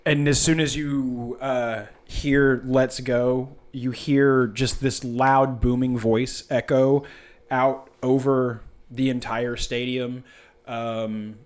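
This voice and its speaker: A man's voice: medium pitch, level tone, slow. A man narrating as game master in a tabletop game, loose and full of fillers.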